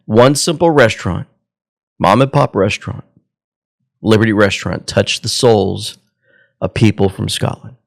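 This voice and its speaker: A man's voice: on the low side, unhurried, creaky, long pauses. A man from Georgia hosting a commentary show. He speaks earnestly and emotionally, calls his listeners folks, and leads a prayer. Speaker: host.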